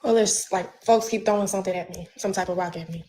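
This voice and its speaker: A woman's voice: medium pitch, fairly even intonation, fast talker, dark tone. A pregnant woman ranting on a livestream from home, profane and confrontational with a drawling delivery.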